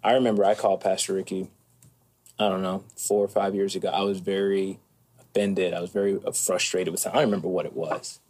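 A man speaking as an interview guest, calm and thoughtful, with occasional soft hesitations. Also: low-pitched, fast. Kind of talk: reflective conversation.

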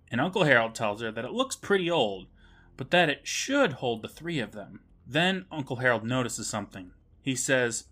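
A man's voice: medium pitch, big pitch swings, moderate pace, pushed and bright, slightly rough. A man co-hosting a podcast, retelling a TV episode's plot in casual chat with wry, joking asides. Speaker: podcast co-host.

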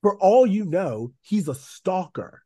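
A man's voice: high voice, sing-song, takes it slowly, mellow, breathy edge, no echo. Male podcast co-host, opinionated casual talk, close dry mic. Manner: opinionated, laughs easily. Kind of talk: casual chat.

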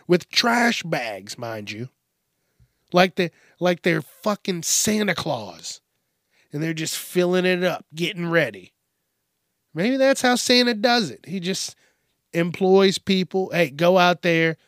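Male podcast host, higher-pitched, dry close sound; profane, animated rambling monologue. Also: no echo. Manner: profane, animated, acts out quoted rude customers.

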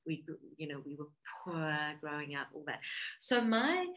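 A woman's voice: deep voice, big pitch swings, moderate pace, fairly bright tone, highs cut off. A woman from South Africa with a South African accent, earnestly telling her life story as an interview guest. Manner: earnest, heartfelt, talks through emotion.

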